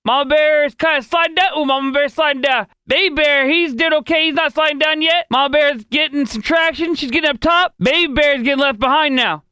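High bright man narrating excitedly. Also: a little fast, hardly any pauses, dry recording. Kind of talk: live play-by-play over a video.

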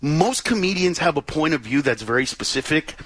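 High-pitched animated comedian man. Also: no echo. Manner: animated, jokey, does quick voices. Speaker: guest comedian. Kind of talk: casual comedic chat.

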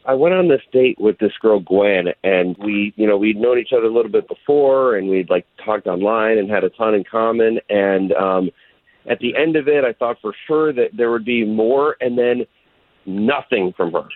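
Low-voiced male caller on a phone line. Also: normal speed, dry recording. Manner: earnest, puzzled storytelling. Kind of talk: phone-in chat. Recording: tinny dry phone line.

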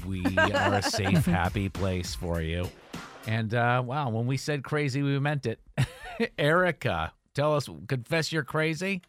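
A man's voice: mid-range voice, expressive, measured pace, fairly bright tone, faint music behind. A man hosting a morning radio show, chatting casually and jokingly, stretching out his words.

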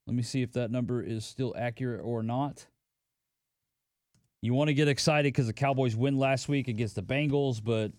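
A man hosting a casual sports betting podcast alone, ranting and swearing, swinging between loud outbursts and low mutters. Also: dry recording, studio quality. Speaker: podcast host.

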